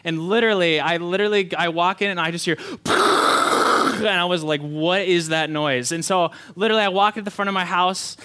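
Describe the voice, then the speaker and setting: A man, preaching a sermon and telling a story quickly with many fillers. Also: high voice, steady tone, smooth. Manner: hushed, slow prayer. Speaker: pastor. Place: church hall.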